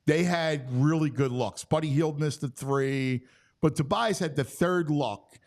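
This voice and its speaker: A man's voice: a little high, a little slow. A man hosting a sports talk show, chiming in with emphatic, exasperated comments in casual chat.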